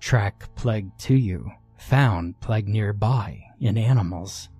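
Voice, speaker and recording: Male narrator reading a grave alien in clipped broken speech; slow, dark. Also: on the low side, slightly rough, faint music behind. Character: terse, flat-spoken alien creature, sexless.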